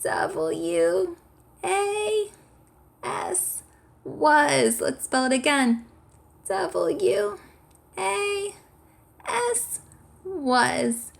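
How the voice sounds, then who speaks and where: A woman putting on a high, squeaky voice as a tiny mouse while spelling a word for children. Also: big pitch swings, very slow, creaky, long pauses, heavily acted.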